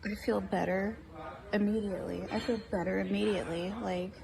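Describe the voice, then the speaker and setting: A woman's voice: medium pitch, fairly even intonation, brisk, creaky, a crowd in the background. A woman talking in casual chat, urgent and repetitive, with many fillers.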